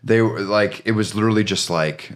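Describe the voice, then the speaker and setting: A man's voice: fairly low pitch, a little fast. A man co-hosting a podcast, joking around and cursing freely in casual chat. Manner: joking, profane. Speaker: podcast co-host.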